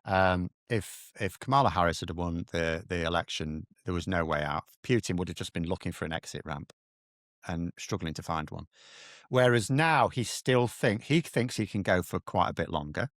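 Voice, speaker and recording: A man's voice: low voice, moderate pace, dry recording, studio quality. A British man giving casual political analysis, talking bluntly and animatedly with slangy asides. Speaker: political commentator.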